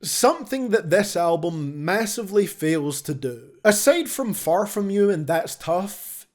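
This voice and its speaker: A man's voice: sits high, big pitch swings, a little slow. A young man delivering scripted, blunt and sarcastic music review commentary as host.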